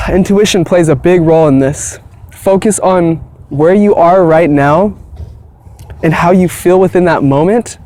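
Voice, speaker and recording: A man's voice: sits high, unhurried, darkish tone. A man talking casually to camera about spirituality, earnest and reassuring, often repeating himself and checking in with "okay?". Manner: soothing, reassuring. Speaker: spiritual vlogger.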